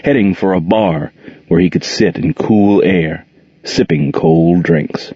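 A male audiobook narrator with a low, husky voice that rises and falls a lot as he tells the story. He reads expressively and slips into character voices. The recording is dry, dull and muffled. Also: animated, slow, dark tone, no room sound.

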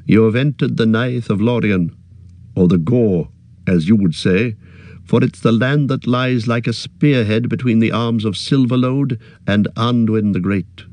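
A man's voice: on the low side, darkish tone, no echo. A man reading aloud and voicing a stern, noble male elf guard leader who speaks formally and evenly. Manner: formal, measured.

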